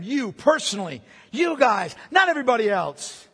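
Male pastor, very high voice, emphatic sermon delivery with loud and hushed swings, long hall reverb. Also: lively intonation, moderate pace.

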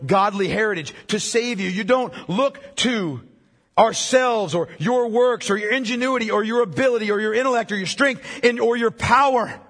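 A male pastor preaching a sermon, emphatic, repeating key phrases and dropping low for weight. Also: fairly bright tone, slightly rough. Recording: long reverb of a large hall.

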